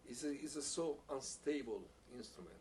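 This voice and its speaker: Heard from a distance with a faint hiss underneath, a man with an ordinary middle-pitched voice teaches a piccolo masterclass. His intonation is lively and slightly mellow as he answers questions haltingly, repeating words and using non-native phrasing.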